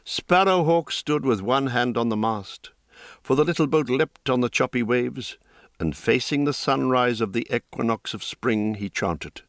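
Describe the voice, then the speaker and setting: An audiobook narrator reads a fantasy novel aloud from a script, using a measured, deliberate storytelling voice. His pitch is medium, and the studio sound is clean with no echo.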